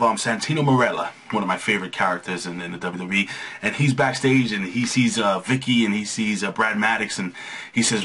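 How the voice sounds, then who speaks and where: Young male host, husky low voice, loose rambling recap delivery. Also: fairly bright tone. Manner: rambling, lots of restarts and fillers. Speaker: wrestling show recap host. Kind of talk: casual recap commentary.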